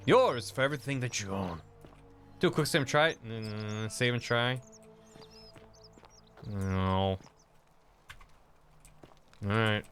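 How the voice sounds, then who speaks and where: A man's voice: mid-range voice, a bit bright. A man giving jokey, casual commentary while streaming a video game. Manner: jokey, chatty, talks to the game characters.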